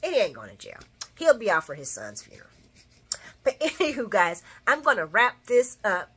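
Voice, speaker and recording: A woman's voice: a little high, sing-song, normal speed, fairly bright tone, husky. A woman hosting a casual soap opera recap, chatty and opinionated, who laughs often and talks straight to her viewers. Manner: speaks to viewers as y'all.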